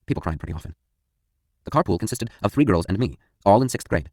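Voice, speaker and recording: A man reading a first-person audiobook in a brisk, matter-of-fact way. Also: lowish voice, lively intonation, darkish tone, slightly rough, no echo, clean studio sound. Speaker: audiobook narrator.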